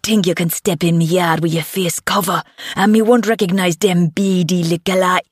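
A woman's voice: lowish voice, steady tone, moderate pace, slightly rough, no echo, clean studio sound. A woman voicing a defiant Jamaican stepdad who speaks in heavy patois thickened by anger.

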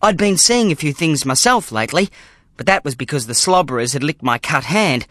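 Lively dramatic audiobook narrator. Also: mid-range voice, brisk, no echo, studio quality. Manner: dramatic, expressive storytelling. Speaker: audiobook reader. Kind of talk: scripted narration.

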